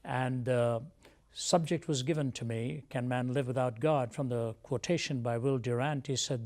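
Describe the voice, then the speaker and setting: A man as an interview guest, telling a personal testimony in a measured, reflective way. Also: medium pitch, fairly even intonation, darkish tone. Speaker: guest speaker.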